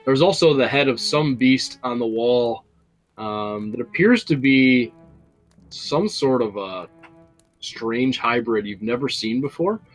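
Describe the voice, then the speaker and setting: A male game master who describes the scene in a rambling, hesitant way, full of fillers and restarts. His voice sits at a middle pitch. Faint music plays underneath. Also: lively intonation, takes it slowly, low-quality recording. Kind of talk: narrating a tabletop game.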